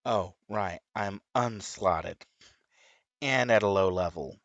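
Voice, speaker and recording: A man chatting casually as he plays a game, rambling with sudden high excited whoops. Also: slow pace, no room sound, highs cut off. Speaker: gaming streamer. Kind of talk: casual chat while playing.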